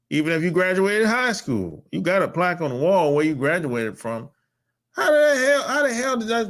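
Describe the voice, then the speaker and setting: A man holds forth on his podcast in a casual monologue. He talks bluntly and emphatically, with a lot of swearing. His voice sits a little high and swings widely in pitch. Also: fairly bright tone. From North America. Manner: blunt, profane and emphatic, with sudden pitch jumps. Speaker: podcast host.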